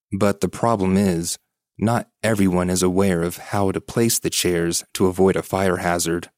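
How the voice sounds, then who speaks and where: Low-voiced man narrating a ghost story. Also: darkish tone, dry recording, studio quality. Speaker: podcast host reading listener stories. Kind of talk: scripted horror story narration.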